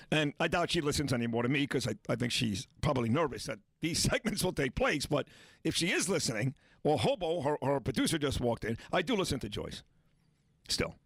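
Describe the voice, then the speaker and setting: Brash male sports radio host, lively up-and-down delivery, dry booth sound. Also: a little high, no room sound. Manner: brash, blunt and boastful. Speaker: radio talk show host. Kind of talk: sports talk radio banter.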